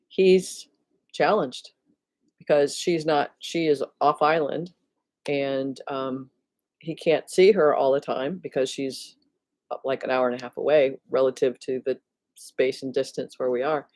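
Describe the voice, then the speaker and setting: A woman's voice: a bass voice, fairly even intonation, takes it slowly, pauses often, darkish tone, no room sound. A woman hosting her own videos on spirituality, talking casually and reflectively to her viewers, thinking aloud with restarts and often laughing at herself. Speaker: spiritual teacher and video host.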